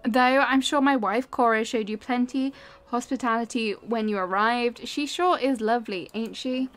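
A woman's voice: on the high side, normal speed, lightly acted. A woman reading out the lines of a friendly male fisherman villager in a game, in her own voice. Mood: folksy. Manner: reads the game text aloud in her own voice.

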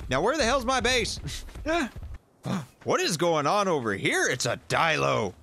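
A man giving jokey, animated commentary while playing a survival game and talking to the creatures in it. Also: fairly high pitch, a little slow, creaky, a little hiss or hum. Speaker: gaming YouTuber. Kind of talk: playthrough commentary.

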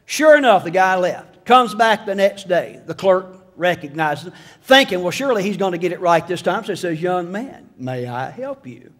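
In a hall with long reverb, a middle-aged pastor preaches a sermon in a high-pitched, animated, somewhat bright voice, talking a little fast. He tells folksy stories laced with jokes and voiced asides.

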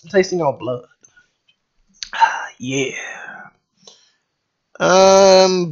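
A man commentating his own gameplay in a casual let's-play, getting excited, swearing and shouting at the game. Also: on the high side, muffled recording.

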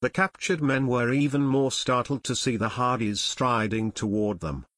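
A man's voice: mid-range voice, normal speed, fairly bright tone. A man narrating an audiobook expressively, voicing every character.

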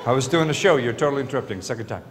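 A man's voice: medium pitch, lively intonation, very fast. A man hosting a comedy hypnosis show on stage, teasing his volunteers with playful banter. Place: stage in a large hall. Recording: large hall with loud crowd.

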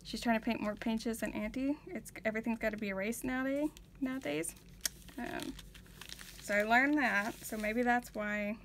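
A woman tells family stories in a loose, rambling way, full of fillers and restarts, as she works on a painting. Her voice sits a little on the higher side, with a faint room hum underneath. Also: a bit bright. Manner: chatty storytelling, many fillers and restarts. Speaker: vlogger, art journaler. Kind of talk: casual chat while painting.

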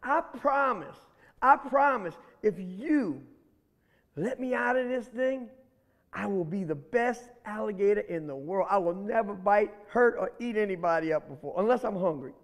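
A man's voice: high voice, animated, moderate pace. A man voicing a big, frightened, boastful male alligator who stammers and pleads. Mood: terrified. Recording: long hall reverb.

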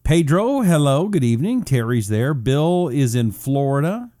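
A male talk host with a warm, mellow tone chats in a loose, rambling way, full of "uh" fillers. His pitch swings widely as he stretches words out for effect. The recording is close and dry. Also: big pitch swings, moderate pace, no echo. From Washington State, US. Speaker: radio talk show host. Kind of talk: casual talk show monologue, reading out audience messages.

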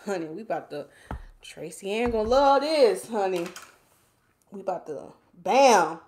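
A woman's voice: mid-range voice, animated, a little slow, darkish tone, echoey room. Chatty woman doing hair. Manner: chatty, playful, talks to viewers as y'all, reads comments aloud. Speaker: hair stylist and vlogger. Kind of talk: casual livestream hair tutorial chat. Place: home.

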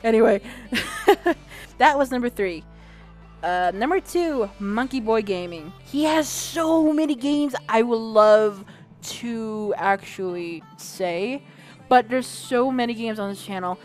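A woman's voice: on the high side, expressive, slow pace, darkish tone. Chatty young woman rambling over faint music. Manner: rambling and chatty, with many fillers and self-corrections; swears casually. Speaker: gaming channel host. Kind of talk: casual vlog chat.

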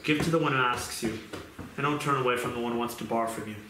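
A man preaching a fervent sermon, moving from pleading prayer to quieter scripture reading. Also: medium pitch, fast. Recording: echoey room with noise.

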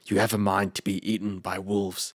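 A harsh-voiced, suspicious temple keeper from an old folk tale, put on by a male narrator. He speaks gruffly and warily, as if ready for a fight, in a low-pitched voice. The recording is dry and close. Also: flat delivery, normal speed, dry recording. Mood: stern. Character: stern, guarded male temple keeper of ancient Britain. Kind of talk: audiobook character reading.

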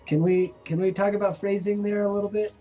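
A man's voice: sits high, flat delivery, fast talker, dark tone, lo-fi sound, faint music behind. A man playing a video game with a friend, chatting casually and teasing with frequent laughs. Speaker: guest co-player. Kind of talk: casual gaming chat.

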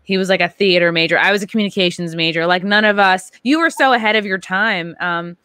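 A young woman hosting a podcast, chatting casually and with animated enthusiasm. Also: fairly low pitch, quick pace, clear, resonant tone, no echo, clean studio sound. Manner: animated, enthusiastic, acts out quotes. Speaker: podcast host. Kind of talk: casual interview chat.

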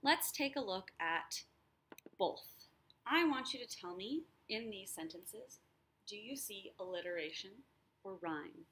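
A woman teacher explaining a lesson, sounding out words slowly and clearly. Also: mid-range voice, expressive, a bit bright. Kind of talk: recorded lesson.

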